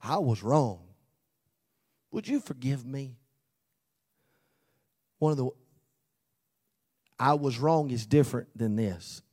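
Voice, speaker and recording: A man preaching a sermon as pastor, swinging from loud emphasis to hushed near-whispers and slowing down on key phrases. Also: medium pitch, animated, slightly rough.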